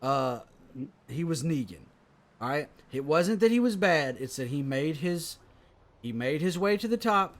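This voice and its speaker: A man co-hosting a casual comedy podcast, riffing in loud, profane rants. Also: on the high side, expressive, measured pace. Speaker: podcast co-host.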